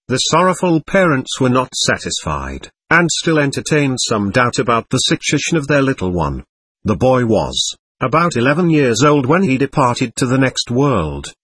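A man reading a first-person travel memoir aloud as an audiobook narrator, in a measured, even storytelling manner. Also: mid-range voice, breathy edge, dry recording, rough recording.

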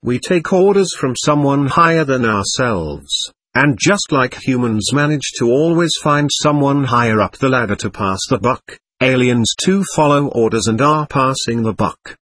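A man voicing a group of aliens in a story reading, speaking in an even, matter-of-fact way. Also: medium pitch, normal speed, no echo. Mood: detached. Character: aliens speaking as one, calm and detached.

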